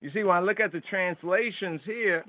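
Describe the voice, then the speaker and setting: A man hosting a call-in scripture study, slowly repeating and sounding out Hebrew words as he explains them. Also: high-pitched, no echo. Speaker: host. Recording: tinny phone line, dry.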